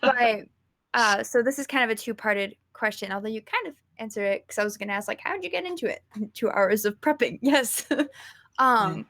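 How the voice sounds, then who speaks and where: A woman's voice: on the high side, expressive, moderate pace, a bit bright. A young woman in her twenties with a Southern US accent, asking rambling questions and laughing at herself. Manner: giggly, self-deprecating, rambling questions. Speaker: interviewer. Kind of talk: casual interview chat.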